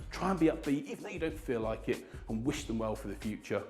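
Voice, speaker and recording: Sales trainer with lively pitch. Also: male voice. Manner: demonstrates tones by acting out sample lines. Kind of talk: instructional talk to camera. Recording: roomy sound with faint music.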